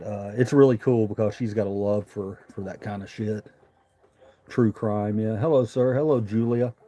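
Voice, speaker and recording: A man from Memphis with a slow Southern Tennessee drawl. He talks loosely and profanely, rambling between chat questions on his own livestream. His pitch is a plain, middle male register. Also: dark tone. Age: adult, married. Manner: rambling, profane, reads viewer chat aloud. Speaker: livestream host.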